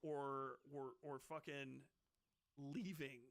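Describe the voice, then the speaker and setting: A man's voice: medium pitch, steady tone, takes it slowly, gravelly. A man streaming as he reads a book aloud, breaking off for rambling, profane rants and laughing asides. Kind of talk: casual profane commentary on a book.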